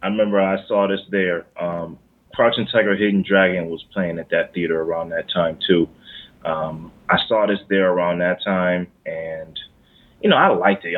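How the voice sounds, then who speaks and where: A man from Michigan co-hosting a movie podcast in casual chat, rambling with lots of fillers and restarts. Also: low voice. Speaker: podcast co-host. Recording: phone-like narrow sound.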